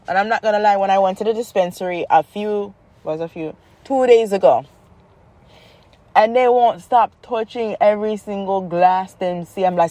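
Mellow woman, rambling and joking. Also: medium pitch, normal speed, no room sound. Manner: rambling, joking, animated retelling. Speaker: mother, vlogger. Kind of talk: casual storytelling vlog.

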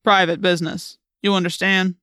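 A woman reading an audiobook, voicing a suspicious male policeman with a gruff, demanding manner. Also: lowish voice, flat delivery, normal speed, a bit bright, dry recording, clean studio sound, natural voice. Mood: stern, demanding. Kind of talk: audiobook character voice.

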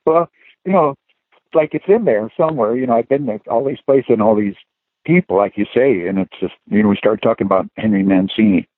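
Chatty male guest reminiscing, low-pitched, heard over a tinny phone line. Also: a little fast, no echo. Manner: rambling anecdotes with chuckles and "you know" fillers. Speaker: guest musician. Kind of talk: casual storytelling interview.

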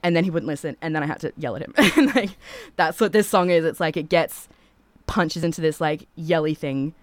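A woman's voice: deep voice, fairly quick, no room sound. A woman, a singer who is a podcast guest, chatting casually and rambling, with many filler "like"s. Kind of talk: casual chat.

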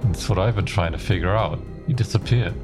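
Brief: low-voiced male player, deadpan sarcasm, music behind. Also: fairly quick. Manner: dry, sardonic. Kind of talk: in-character tabletop play.

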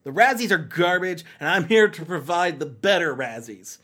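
Sarcastic rambling man, fairly high voice. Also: lively intonation, moderate pace, fairly bright tone. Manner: sarcastic, rambling with many fillers. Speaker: podcast host. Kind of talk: casual comedic review monologue.

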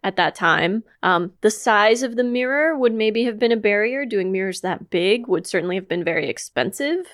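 A woman's voice: mid-range voice, lively intonation, moderate pace, hardly any pauses, dry recording, clean studio sound. A woman co-hosting a podcast, casually explaining her research with light humor. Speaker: podcast co-host. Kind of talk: casual chat presenting research.

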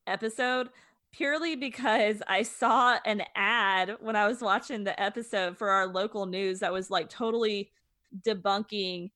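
A woman's voice: medium pitch, moderate pace, no room sound. A young woman co-hosting a podcast, casually and bluntly gossiping. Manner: gossipy, blunt, animated storytelling. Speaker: podcast co-host. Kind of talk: casual chat.

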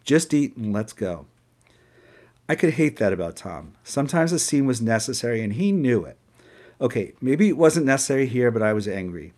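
A man's voice: mid-range voice, very animated, brisk, a little mellow. Male narrator, wry memoir reading, sarcastic edge. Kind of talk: first-person storytelling.

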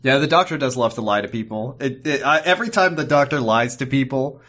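A man's voice: medium pitch, brisk, a bit bright. Jokey man laughing through a recap. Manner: jokey, laughs often, swears. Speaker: podcast co-host. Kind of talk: casual recap chat.

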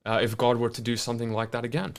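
A man's voice: mid-range voice, level tone, racing. A man hosting a podcast interview, reading viewer questions and reflecting aloud, building his points with rhetorical questions. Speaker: podcast host.

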